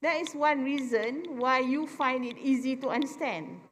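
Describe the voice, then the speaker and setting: A woman's voice: high-pitched, slight background noise. A middle-aged woman with a Malaysian English accent gives a public talk to an audience, often asking "right?" to check that they follow. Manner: keeps asking "right?" for agreement, explains slowly and plainly. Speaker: forum speaker. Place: convention centre hall. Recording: long hall reverb from a convention centre.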